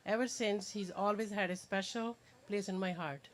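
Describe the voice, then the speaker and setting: An older woman reading a tender, measured birthday speech at a party as a mother figure. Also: mid-range voice, steady tone. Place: party venue.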